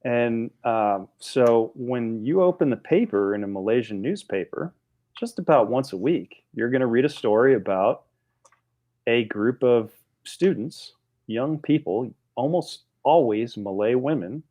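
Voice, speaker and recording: A man in his forties, a podcast guest telling a story in a casual, animated way with frequent restarts. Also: medium pitch, unhurried. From United States.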